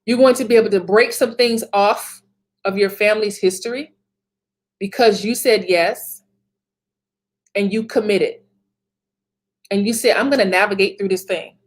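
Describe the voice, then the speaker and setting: A woman's voice: medium pitch, normal speed, long pauses. A woman in her thirties giving a motivational talk as a business coach, emphatic, repeating phrases and laughing often.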